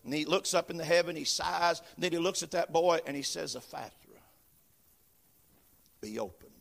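A man preaching a sermon, chanting phrases that start with a gasped "uh" and swell into shouts. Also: on the high side, steady tone, fast talker, creaky. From western North Carolina, USA. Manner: rhythmic preaching, each phrase opened with a gasped "uh", building to shouts. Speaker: visiting preacher. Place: church building.

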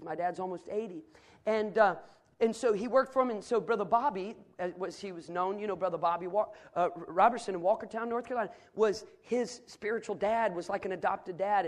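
High-voiced man preaching with fervor. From northern United States. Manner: emphatic preaching, rising to loud climaxes and dropping to quiet asides. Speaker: pastor. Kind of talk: sermon. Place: church sanctuary.

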